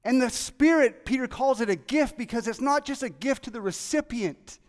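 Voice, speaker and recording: Excitable high-voiced preacher in a reverberant hall. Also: male voice, normal speed. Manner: excitable, animated, acts out quoted voices. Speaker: pastor. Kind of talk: sermon. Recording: long reverb of a large hall.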